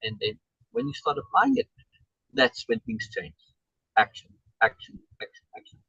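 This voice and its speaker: A man's voice: mid-range voice, huge pitch swings, normal speed, vocal fry, pushed and bright, slightly rough, dry recording, muffled recording. A man coaching someone over a video call, emphatic and repeating key words for stress. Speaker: life coach.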